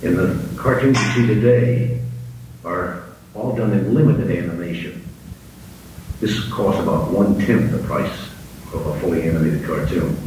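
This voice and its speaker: A man's voice: low voice, a little slow. A man, a voice actor, giving a folksy, chatty talk to a live audience at a university. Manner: folksy, chatty, joke-telling. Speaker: guest speaker, voice actor. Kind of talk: storytelling lecture to a live audience. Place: university lecture hall. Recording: echoey hall from far off, audience noise.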